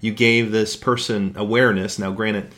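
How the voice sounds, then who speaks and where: A man's voice: fairly low pitch, level tone, moderate pace, fairly bright tone. A man in casual discussion, reflecting on a point and repeating words as he builds it.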